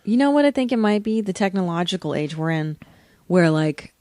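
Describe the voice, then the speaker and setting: A woman's voice: fairly low pitch, lively intonation, brisk, warm tone, no room sound, clean studio sound. Blunt, profane woman in casual podcast chat. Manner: blunt, profane, laughing banter. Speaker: podcast co-host.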